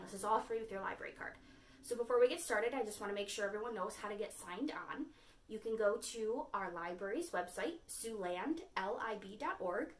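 A woman children's librarian leading a virtual storytime, talking clearly and encouragingly to small kids. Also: mid-range voice. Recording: echoey room.

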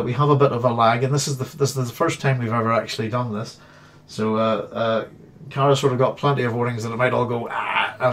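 A man with a Northern Irish accent hosting a live stream, chatting casually and reading viewer comments aloud. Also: mid-range voice. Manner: chatty, reads viewer comments aloud and hums between them. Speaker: host.

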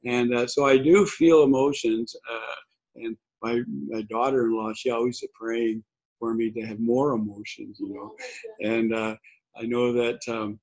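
An older man giving a conversational sermon, husky, rambling and restarting often. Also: medium pitch, level tone, unhurried, a little mellow. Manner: rambling, many restarts and fillers. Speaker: pastor. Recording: dull lo-fi recording.

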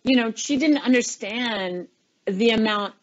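In a webinar interview, this middle-aged woman, once a chief of staff, recounts stories in a lively way and acts out what people said. Her voice is fairly high and a little slow, and the sound is lo-fi.

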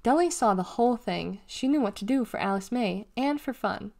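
A woman reading a children's novel aloud in a steady storytelling manner. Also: a little high, normal speed, gravelly. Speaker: reader.

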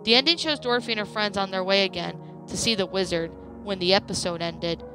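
A woman narrating a creepypasta story in a plain, steady reading voice. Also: mid-range voice, brisk, music in the background.

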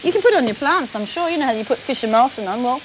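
A woman's voice: high voice, animated, rapid-fire, a little hiss or hum, rough recording. A woman, an actress guesting on a cooking show, who chats in a bubbly, rambling, jokey way while she cooks. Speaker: celebrity chef guest, stage actress. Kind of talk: casual chat while cooking.

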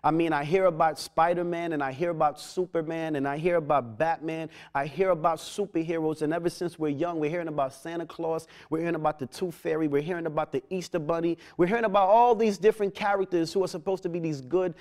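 Man, fairly high voice, telling his testimony with earnest, halting restarts. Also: steady tone, a little mellow. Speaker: testimony speaker. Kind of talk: personal testimony.

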